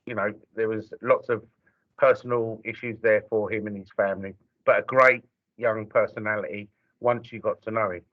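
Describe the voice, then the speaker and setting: A man's voice: lowish voice, fairly even intonation, moderate pace, lo-fi sound. A man, a workshop participant, sharing an anecdote in an earnest, slightly apologetic way.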